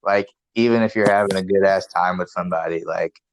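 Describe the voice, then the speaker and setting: A man's voice: low-pitched, fairly quick, no room sound. A man co-hosting a casual podcast, talking in a laid-back, rambling way and swearing casually. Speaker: podcast co-host. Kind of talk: casual chat. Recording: dull lo-fi, dry sound.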